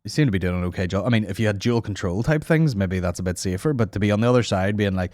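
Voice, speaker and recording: A man's voice: low-pitched, fast, hardly any pauses, darkish tone, no echo, studio quality. A man hosting a comedy podcast, rambling and swearing as he jokes. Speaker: podcast host. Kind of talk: casual comedy banter.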